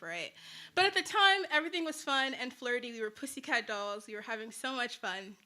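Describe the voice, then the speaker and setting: Bright, chatty young woman telling a story. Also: fairly high pitch. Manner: chatty, many "like"s, laughs at own story. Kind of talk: personal storytelling to an audience.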